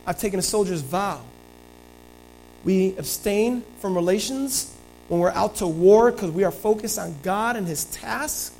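Preacher doing a loyal soldier, earnest and kinda indignant, high voice. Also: male voice, a little slow, creaky, darkish tone, a little hiss or hum, poor audio.

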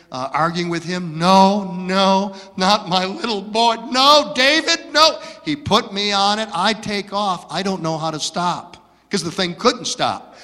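A man from Michigan telling stories from his childhood as a preacher, dramatic and swinging from hushed to loud. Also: on the high side. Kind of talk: storytelling sermon. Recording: long hall reverb.

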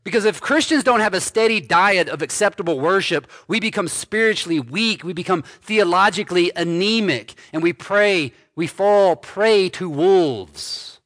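A male pastor preaching a sermon slowly and emphatically, repeating key phrases. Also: sits high, a bit bright, dry recording, clean studio sound.

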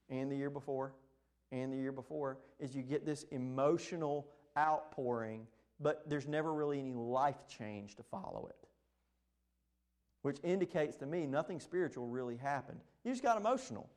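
A man, preaching a sermon in an impassioned, emphatic way. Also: on the high side. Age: 20s. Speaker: pastor.

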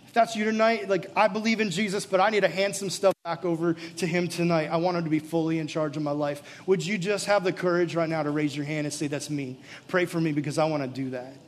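A man preaching a sermon live to a gathering, moving into an altar call and prayer, earnest and pleading, often dropping to soft, intimate tones. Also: a little high, steady tone, fast, hardly any pauses. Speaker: pastor. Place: church or youth gathering, live.

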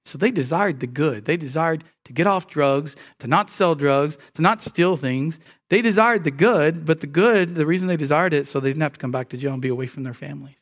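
A man's voice: on the high side, fairly quick, few pauses. Emphatic man preaching a sermon. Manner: emphatic, repeats words. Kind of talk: expository sermon.

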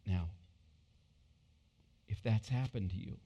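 Male pastor, sermon, hushed then loud excited bursts, body mic, long church reverb. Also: lowish voice, takes it slowly, breathy edge, highs cut off. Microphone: wireless body mic.

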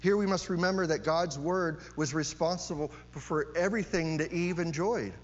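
A man's voice: fairly high pitch, normal speed. A man preaching a sermon, emphatic, repeating key phrases and often asking "right?" to his listeners. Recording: long hall reverb, dull sound, mains hum.

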